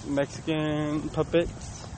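A man's voice: fairly high pitch, flat delivery, slow pace. A young man chatting casually with a friend outdoors, rambling and swearing now and then. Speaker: friend of the host. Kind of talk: casual chat. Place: outdoors on a city street at night. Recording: outdoor street noise.

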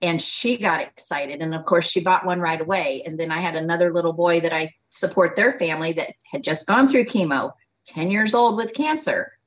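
Lively woman telling a story, lo-fi sound. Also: fairly low pitch, normal speed. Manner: animated storyteller who acts out dialogue and laughs often. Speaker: doctor and guest. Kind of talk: casual interview storytelling. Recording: dull lo-fi audio.

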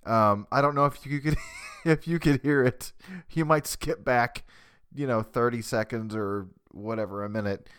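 Smooth-voiced man ranting on a basement podcast. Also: medium pitch, normal speed, a bit bright. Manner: profane, rambling, self-mocking. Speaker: podcast host. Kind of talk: casual rambling podcast chat. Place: home basement. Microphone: cheap desktop USB mic.

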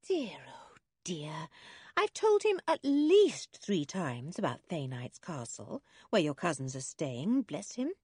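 A kindly storybook mother, fond and gently scolding, as a woman reader puts her on. Her voice is husky and dry, swinging lively in pitch. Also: a little slow, hardly any pauses, dry recording, heavily acted.

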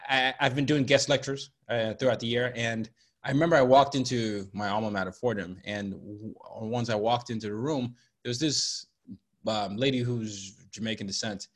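A man's voice: mid-range voice, fairly even intonation, moderate pace. A man from Nigeria, a professional speaker and author, answering interview questions earnestly with examples.

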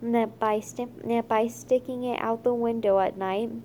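A woman reads a children's storybook aloud at a very slow, careful pace, often stumbling with fillers and restarting her phrases. Her voice sits a little high, and a faint hiss of background noise runs under the recording. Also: steady tone, warm tone. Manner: halting, with frequent fillers and restarts. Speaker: reader. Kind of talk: reading a children's chapter book aloud.

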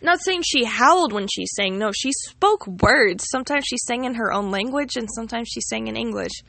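A woman's voice: fairly high pitch, animated, moderate pace, vocal fry, bright, forceful tone, dry recording. A young woman telling a personal story casually, rambling with lots of fillers and the odd swear word.

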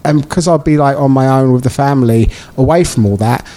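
A man's voice: medium pitch, brisk, warm tone. Rambling casual podcast man. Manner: rambling, lots of likes and restarts. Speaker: podcast co-host. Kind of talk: casual chat.

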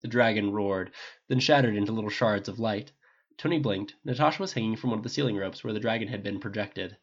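An audiobook reader narrating fan fiction with a lively, expressive delivery. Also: medium pitch, quick pace, highs cut off.

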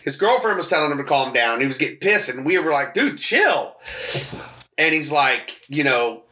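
A man's voice: mid-range voice, brisk, sharp tone. A man co-hosting a casual podcast, telling a story with crude language, acting out the voices of the people in it. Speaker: podcast co-host. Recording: roomy echo.

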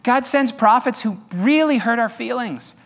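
Animated preacher with a lively voice. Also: male voice, very high-pitched, moderate pace, gravelly. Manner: animated, emphatic preaching with rhetorical questions; talks straight to the congregation. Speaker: pastor. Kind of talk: sermon.

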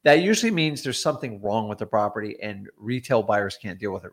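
A man's voice: lowish voice, lively intonation, a little fast. A middle-aged man, a real estate investor, teaching wholesaling in a casual livestream, blunt and chatty with frequent ums and asides.

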